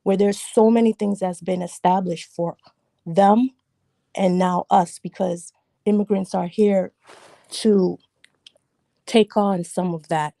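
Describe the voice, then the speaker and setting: A woman's voice: medium pitch, fairly even intonation, takes it slowly, gravelly, long pauses, dark tone, no room sound, studio quality. A woman from Jamaica arguing her point emphatically on a livestream panel discussion, repeating lines for stress.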